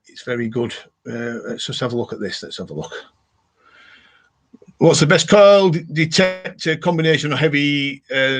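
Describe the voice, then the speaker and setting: A man's voice: mid-range voice, fairly bright tone. A British man hosting a casual live detecting talk stream, chatting and reading viewer comments aloud. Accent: British English. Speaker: livestream host.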